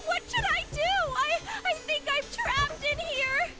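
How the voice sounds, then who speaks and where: A woman's voice: very high voice, a little slow, over loud music. An actress voicing a frightened young woman trapped behind a door in a video game, calling out in panic. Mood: panicked.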